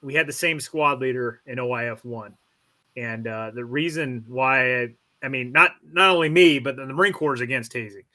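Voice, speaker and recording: A man in his forties speaks with a fairly bright, forceful voice. He tells his story frankly and at a measured pace, often restarting a phrase as he works through it. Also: mid-range voice. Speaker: stream guest. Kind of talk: casual storytelling.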